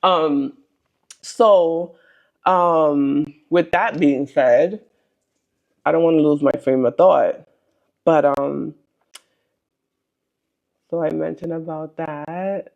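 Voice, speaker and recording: A woman's voice: deep voice, extremely slow, creaky, long pauses, a little mellow, muffled recording. A young adult woman sharing a personal faith testimony in a casual, earnest, chatty way, with frequent ums and likes.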